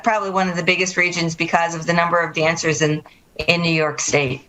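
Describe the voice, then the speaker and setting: A woman's voice: lowish voice, flat delivery, a little fast, sharp tone, low-quality recording. A woman guest on a local TV interview, explaining things in a friendly, casual way. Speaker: guest, dance school representative.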